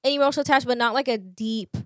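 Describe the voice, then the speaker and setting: A young woman hosting a casual podcast, talking quickly in run-on sentences full of fillers. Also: fairly high pitch, fairly bright tone, dry recording, clean studio sound. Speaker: podcast host. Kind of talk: casual chat.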